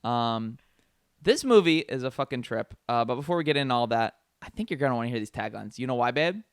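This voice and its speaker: A man's voice: medium pitch, lively intonation, brisk, smooth, no echo, studio quality. A man co-hosting a casual podcast, joking and swearing as he reads taglines aloud. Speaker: podcast co-host. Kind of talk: casual chat.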